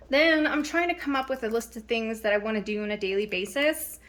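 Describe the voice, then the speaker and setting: A woman's voice: a little high, normal speed. Chatty woman showing her planner. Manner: chatty, rambling, with many ums and restarts. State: slightly out of breath. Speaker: planner vlogger. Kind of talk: casual show-and-tell vlog. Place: home.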